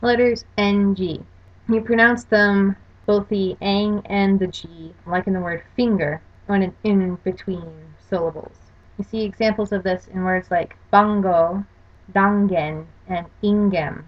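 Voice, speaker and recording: A woman's voice: mid-range voice, fairly even intonation, unhurried. A woman teaching a language lesson over a slide show, explaining rules carefully and spelling out examples. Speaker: language course lecturer. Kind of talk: recorded lecture over slides. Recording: dull lo-fi recording.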